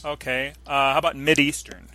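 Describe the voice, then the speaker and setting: A man hosting an interview, asking measured questions and backing the guest with frequent mm-hmms. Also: medium pitch, sharp tone, poor audio. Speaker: interviewer host.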